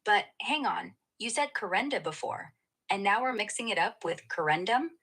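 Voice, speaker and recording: A woman's synthetic assistant voice answers in a playful, slangy, flattering way. Her tone is bright and upfront, with a husky, breathy edge. She keeps the chat light and easygoing throughout. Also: mid-range voice, normal speed, rough recording. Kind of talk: upbeat conversational replies.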